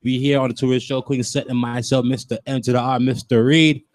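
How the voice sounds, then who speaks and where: A man's voice: medium pitch, level tone, brisk, dry recording. A man hosting a radio show, bantering in a laid-back, slangy way with a New York accent. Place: radio studio.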